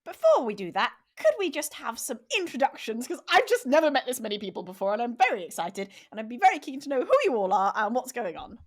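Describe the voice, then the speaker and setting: Woman player, eager, excitable, high and very lively voice. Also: quick pace, few pauses. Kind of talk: tabletop game role-play.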